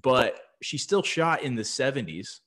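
A man's voice: mid-range voice, unhurried. Laid-back man hosting a podcast. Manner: relaxed, hesitant with names, uses "like" often. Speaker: podcast host. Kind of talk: casual podcast chat.

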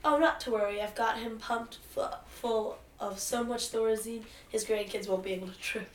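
A woman's voice: a little high, moderate pace, far from the mic, close to an everyday voice. A woman voicing a devoted young cyberpunk warrior princess in a comedy script reading, with an earnest, heroic delivery. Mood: proud. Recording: echoey room, faint noise, off-mic.

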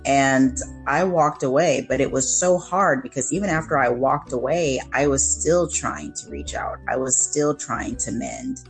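Woman, very low voice, podcast co-host, earnest reflective storytelling, faint music underneath. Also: lively intonation, rough recording. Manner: earnest, reflective, with slowed emphasis. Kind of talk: candid personal storytelling.

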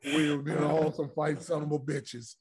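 Through a very noisy recording, a middle-aged man speaks a little fast in a fairly high voice. He's a retired pro basketball player on a podcast as a guest, telling blunt, foul-mouthed, animated anecdotes in a casual interview.

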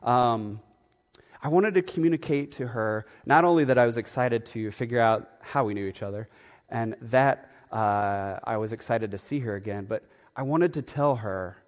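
A man, a pastor, telling a story in a sermon, chatty and animated, with lots of fillers and asides. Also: mid-range voice, normal speed, long reverb tail. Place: church sanctuary.

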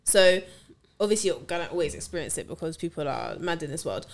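A young woman in a casual chat, telling stories in an animated way and laughing through them. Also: deep voice, fast, vocal fry.

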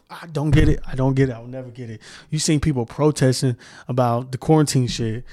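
A man's voice: medium pitch, fairly even intonation, a little fast, hardly any pauses, warm tone, dry recording, studio quality. A man hosting a solo podcast, ranting heatedly and with heavy profanity, often restarting sentences as he searches for words. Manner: heated, profane, repeats himself. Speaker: podcast host.

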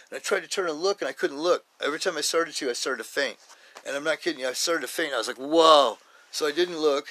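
A man on a podcast, telling a personal faith testimony in an excited, rambling way, often saying "man". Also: a little high. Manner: excited, animated, repeats himself, says "man" often. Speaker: podcast host.

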